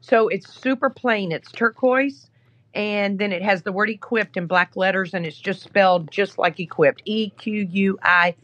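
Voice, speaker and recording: An app founder on a podcast as a guest, this woman narrates a story casually, sprinkling in many "you know" fillers. Her medium-pitched voice is unhurried and a bit bright, recorded without echo but with the highs cut off.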